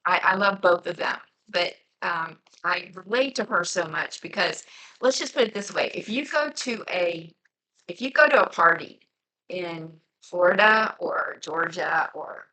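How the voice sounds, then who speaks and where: A journaling crafter with a low, sharp voice and a light Southern twang chats on her crafting vlog, rambling and full of fillers. She's from near Cincinnati, across the Ohio border. The recording is rough.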